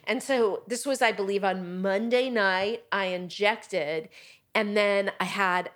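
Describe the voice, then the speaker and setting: A woman guest on a podcast, chatting casually and telling a lively story with quoted voices. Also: medium pitch, a little slow. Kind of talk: casual chat.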